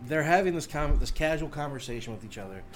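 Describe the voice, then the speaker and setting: A man's voice: a little high, expressive, fast talker, faint music behind. A man narrating and running a tabletop role-playing game with easygoing, playful narration. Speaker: game master.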